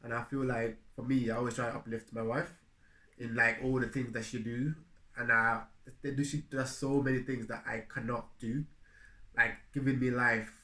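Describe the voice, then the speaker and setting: A man with a bright, forceful voice speaks earnestly and reflectively about marriage, laughing easily as he talks. The room around him is echoey. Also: mid-range voice, level tone, normal speed. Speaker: husband co-hosting a marriage video. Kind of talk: casual chat.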